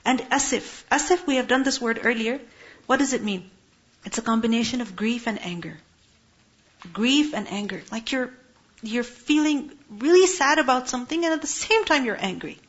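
A woman's voice: fairly high pitch, normal speed. A woman teaching a Quran lesson, explaining Arabic words and asking her listeners questions. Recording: muffled lo-fi recording.

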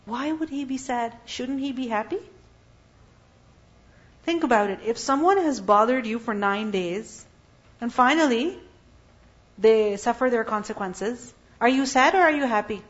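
In this Islamic lesson, a woman teacher speaks in a fairly high, animated voice, keeping a measured pace and pausing often. She poses questions to her audience and supplies the answers herself, captured on a dull, lo-fi recording.

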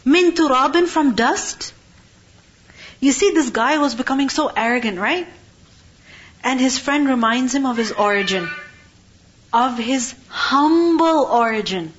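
A woman teaching a Quran lesson, who explains Arabic word roots and asks her listeners rhetorical questions. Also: a little high. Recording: dull lo-fi recording.

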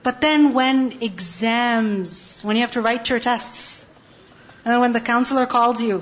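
A woman with a fairly high voice teaches an Islamic lesson to teenagers. She keeps asking questions and answering them herself, and she recites verses in Quranic Arabic. The recording sounds dull and lo-fi. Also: unhurried. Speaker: religious teacher.

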